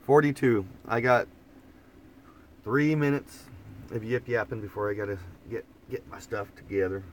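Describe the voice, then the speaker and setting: Speaking at a moderate pace with fairly even intonation and long pauses, a man with a lowish voice and an Oklahoma twang hosts a morning live stream in his old camper van. The vlogger's easygoing, rambling talk keeps restarting, picked up by a phone propped in front of him over a slight hiss or hum.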